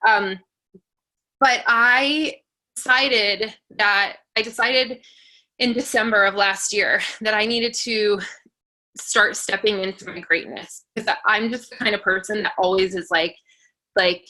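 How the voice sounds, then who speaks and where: A woman telling personal stories in a motivational talk, chatty and earnest, with lots of fillers and quick laughs. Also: medium pitch, fairly even intonation, pushed and bright. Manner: chatty, filler-heavy, laughs between phrases; earnest and encouraging. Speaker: motivational speaker for a sales team.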